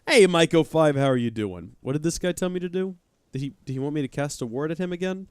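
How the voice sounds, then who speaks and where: A man with a mid-range, smooth voice talks fast, with no room sound. During live let's-play commentary he chats and jokes with his viewers, reading chat aloud.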